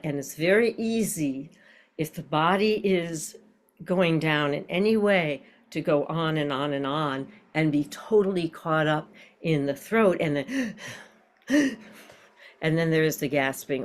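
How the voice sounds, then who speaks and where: Low voiced woman teacher on a video call, reflective, keeps asking the group stuff. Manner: reflective, asks the group questions. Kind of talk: online group class.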